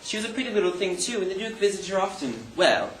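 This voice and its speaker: A man plays a vain, flamboyant French marquis on an amateur stage, his high voice swooping up and down as he gushes gossip and bristles at any slight. The sound is echoey, caught from far off in a hall. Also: sing-song, a bit bright, slight background noise. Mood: gossipy. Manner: gushing, theatrical gossip, quick to take offense. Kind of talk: amateur stage play acting.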